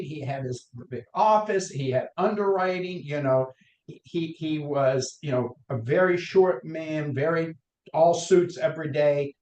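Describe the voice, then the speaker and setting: A middle-aged man from North Carolina with a Southern accent, a guest on a podcast interview who tells long career stories with many restarts. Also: on the high side. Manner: rambling anecdotes with restarts, acts out quotes. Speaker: guest, mortgage lender. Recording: roomy echo.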